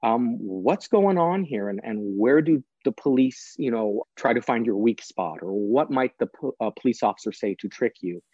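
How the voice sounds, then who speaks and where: A man's voice: mid-range voice, animated, moderate pace, hardly any pauses, darkish tone, slightly rough, no room sound, dull audio. A man, a guest author and prosecutor, explaining practical steps in an earnest, plain-spoken way during a podcast interview.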